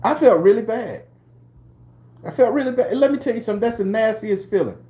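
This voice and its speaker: A man in his forties from southern Florida hosts a live stream, telling personal stories and talking to chat viewers. His high-pitched voice is animated and a little fast, and he laughs loudly and swears freely.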